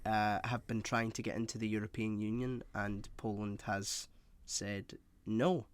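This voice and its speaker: A man's voice: on the low side, little pitch movement, a little slow, clean tone, no room sound. A man co-hosting a podcast, teasing his friend and then bringing up news topics. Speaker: podcast co-host. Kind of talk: casual podcast banter.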